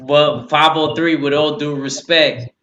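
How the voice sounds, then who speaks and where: Bright-voiced man defending his view, echoey. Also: fairly high pitch, steady tone, unhurried, dull audio, a little hiss or hum. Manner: defensive, reasoning. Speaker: podcast panelist. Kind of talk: casual debating chat. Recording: echoey room.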